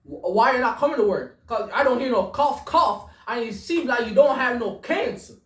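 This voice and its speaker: A woman's voice: on the high side, animated, close to an everyday voice. A woman doing a doubtful male boss. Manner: halting and doubtful. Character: suspicious male boss on the phone. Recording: echoey room, voice away from the mic.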